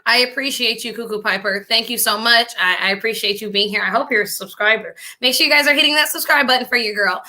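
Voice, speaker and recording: A woman's voice: fairly high pitch, quick pace, few pauses. A woman hosting a reaction commentary, chatty and slangy, talking straight to her viewers. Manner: chatty, animated, addresses viewers directly; slangy casual speech. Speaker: commentary host.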